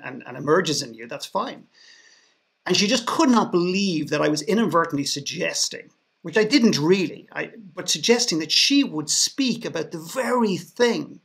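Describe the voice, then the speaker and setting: Gravelly-voiced Irish man telling a story. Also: a little high, a bit bright. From Ireland. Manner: sarcastic, with frequent restarts. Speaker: podcast guest. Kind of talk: storytelling in a panel conversation.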